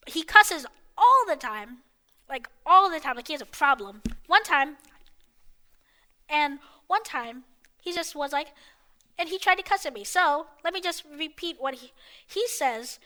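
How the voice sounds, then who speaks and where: A woman's voice: sits high, bright, forceful tone. A woman narrating a story in a chatty, exasperated, mocking way.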